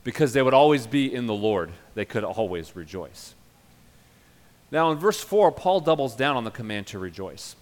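A male pastor preaching a sermon, emphatic, swinging from loud urging to quiet earnest passages. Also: mid-range voice, very animated, normal speed, in a large hall.

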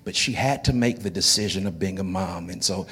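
A man's voice: low voice, fairly quick, pushed and bright, husky. Folksy pastor speaking to his congregation. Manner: folksy, joking with the congregation, often repeating words. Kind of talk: sermon. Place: church sanctuary.

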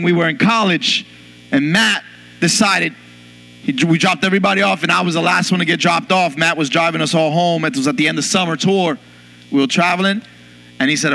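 A man preaching a sermon in church, telling a story with lively acted-out moments. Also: sits high, normal speed, gravelly, long pauses. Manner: animated storyteller, bursts into loud yelling in acted scenes. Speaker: pastor.

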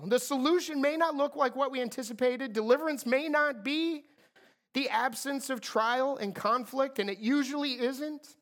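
A woman with a fairly high voice delivers a sermon. She preaches earnestly and with emphasis, and she repeats her key lines to drive them home.

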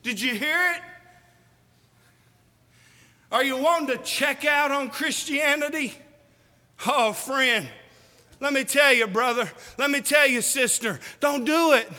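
A man's voice: very high-pitched, bright, forceful tone. A man preaching a sermon, emphatic and folksy, firing questions at the congregation. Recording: reverberant hall.

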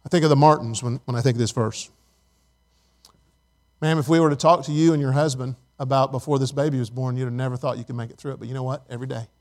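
A middle-aged man preaching a sermon, swinging between loud emphasis and soft, hushed asides. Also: mid-range voice, steady tone, quick pace. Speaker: pastor.

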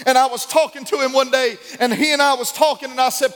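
A male pastor preaching a sermon, asking and answering his own questions, repeating key lines and building to shouts. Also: extremely high pitch, steady tone, fast. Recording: long hall reverb.

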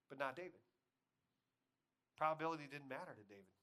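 Man, pastor, sermon delivery, animated storyteller, swings loud to hushed, slightly higher voice. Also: brisk, long pauses.

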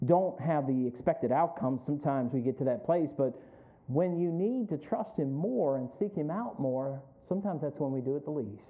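Man, pastor, sermon, high voice, emphatic questions to congregation, tinny phone-like recording. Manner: preaches with rising, emphatic calls and questions to the congregation.

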